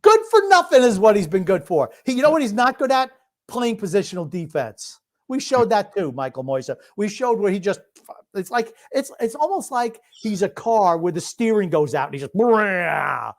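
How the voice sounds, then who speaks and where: A man's voice: high voice, big pitch swings, moderate pace. Guy co-hosting a sports podcast, grumpy and sarcastic, cusses a lot, voice goes way up and down. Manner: blunt, sarcastic and profane; reads listener comments aloud. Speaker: podcast co-host. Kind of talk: casual sports podcast chat.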